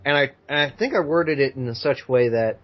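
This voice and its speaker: A man's voice: mid-range voice, normal speed, lo-fi sound. A man co-hosting a casual podcast, giving his views with many "you know" fillers. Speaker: podcast co-host. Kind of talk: casual chat.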